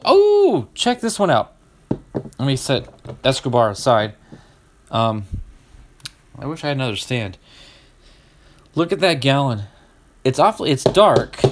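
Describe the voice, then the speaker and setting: Excitable middle-aged man opening cards. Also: mid-range voice, measured pace, pauses often. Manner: excited, exclaims over each card. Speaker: host opening card packs. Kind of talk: casual live-stream chat.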